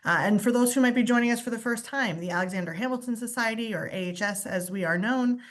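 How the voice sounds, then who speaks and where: A woman's voice: a little high, fast talker. A woman hosting an online book talk over a video call, giving a formal introduction and then asking conversational questions. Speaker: host introducing a guest. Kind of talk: moderating a virtual book talk.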